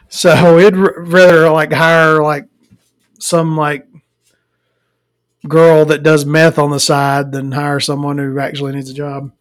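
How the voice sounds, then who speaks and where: A podcast host records from home with her dog, ranting casually and profanely and chuckling often. Her voice is low and level, slow-paced with frequent pauses, and the low-quality recording has no echo.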